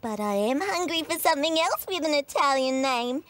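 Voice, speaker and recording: A woman's voice: high voice, animated, moderate pace, a bit bright, dry recording. A woman voicing a chatty, playful, childlike character on a children's show, savoring words curiously.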